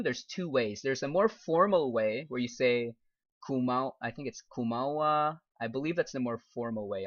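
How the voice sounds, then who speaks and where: A young man, a game streamer and English teacher, chatting casually and reading viewer comments aloud with frequent laughs. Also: mid-range voice. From United States. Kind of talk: casual live-stream chat while gaming. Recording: dull lo-fi stream audio.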